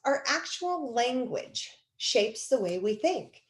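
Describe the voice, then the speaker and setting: A woman instructor giving a recorded video lecture, lively and expressive, acting out quoted speech as she explains. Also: fairly high pitch, slow, roomy sound, a little hiss or hum, rough recording.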